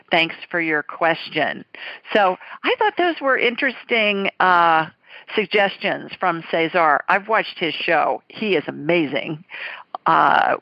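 A woman hosts a call-in show in a chatty, playful way and laughs easily. Her voice sits on the low side. It is recorded dry, with a slightly dull, muffled tone. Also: dry recording. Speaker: psychic radio show host. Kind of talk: casual call-in show chat and reading listener letters.

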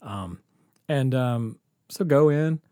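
Male storyteller, casual and animated, swings between hushed asides and loud bursts, dry close sound. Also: medium pitch, slow pace, no room sound. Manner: animated, acts out quotes, laughs often. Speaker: guest storyteller.

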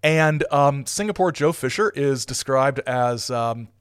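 A man's voice: medium pitch, expressive, measured pace, smooth, no room sound. Guy rambling on a podcast, lots of ums and restarts, kinda amused, dry close sound. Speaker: podcast host. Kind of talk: casual commentary with read-aloud passages.

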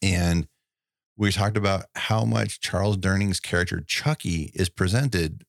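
A man's voice: sits low, measured pace, gravelly, no room sound, clean studio sound. A man co-hosting a casual movie podcast, rambling and laughing often as he talks. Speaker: podcast co-host.

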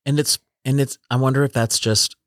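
A man's voice: mid-range voice, fairly even intonation, a little fast, no echo, clean studio sound. A man in his forties talking in a reflective, casual conversation, often trailing off and restarting his sentences. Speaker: podcast host.

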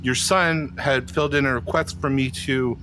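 A man's voice: mid-range voice, fairly even intonation, normal speed, bright, forceful tone, a little hiss or hum, close to an everyday voice. An improviser playing a nervous, overwhelmed male handyman-for-hire, stammering through an improv comedy scene. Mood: flustered. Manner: stammering, flustered, nervous laughs.

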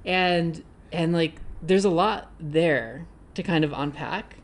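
A man joins a podcast as a guest, laid-back and frank, with an easy, joking manner. He sits beside the host and shares one mic, so his voice comes through quieter and farther off. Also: on the high side, takes it slowly. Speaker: guest, YouTuber. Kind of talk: casual podcast interview. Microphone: shared desk mic, off to the side.

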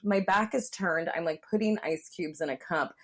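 This young woman talks in a low voice for a woman and chats casually. She is frank and uses many fillers. She acts out the voices of the people in her story. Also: moderate pace. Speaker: guest telling a story. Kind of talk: casual chat.

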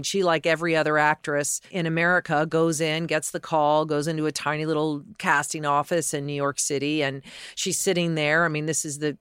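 A man's voice: a little high, a bit bright, smooth, no echo, studio quality. A man hosting a podcast, talking enthusiastically and conversationally about a show's award nominations. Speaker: podcast host. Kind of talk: scripted podcast commentary.

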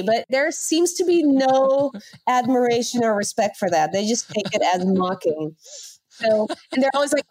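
A woman telling animated stories as an interview guest, laughing often. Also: on the high side, normal speed. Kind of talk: casual storytelling.

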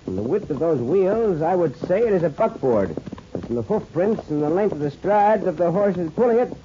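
Cisco Kid, a courtly caballero hero. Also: male voice, sits high, big pitch swings, a little fast, dark tone, slight background noise. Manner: courtly, confident. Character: dashing caballero hero, calm and shrewd. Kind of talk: 1950s radio drama acting. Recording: dull lo-fi old radio broadcast.

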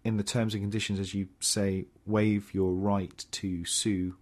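Rambling lower-voiced man chatting games. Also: flat delivery, measured pace, a little mellow. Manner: rambling, filler-heavy, explanatory. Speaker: gaming show co-host. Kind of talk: casual chat.

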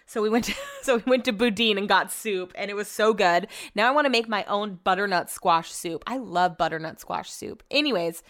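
Woman, podcast host, smooth tone, chatty, swears freely, casual storytelling. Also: mid-range voice, moderate pace. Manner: chatty, profane, animated retelling.

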